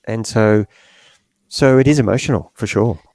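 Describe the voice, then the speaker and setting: A middle-aged man, a coach and podcast host, talking in a halting, emotional way with many pauses and fillers. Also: on the low side, a little mellow, no room sound. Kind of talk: podcast conversation.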